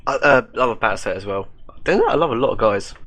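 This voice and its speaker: A man's voice: mid-range voice, animated, quick pace, fairly bright tone, no room sound. Man, stream draft commentator, jokey, laughs a lot, casual chat. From Europe. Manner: joking, laughs often, teasing.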